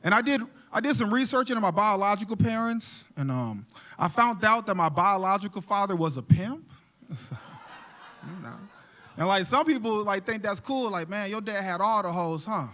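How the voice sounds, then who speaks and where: On a theater stage before a live audience, a male comedian with a high, bright voice tells casual, profane stories, often laughing between punchlines. He sounds animated at a moderate pace, heard through a handheld stage mic.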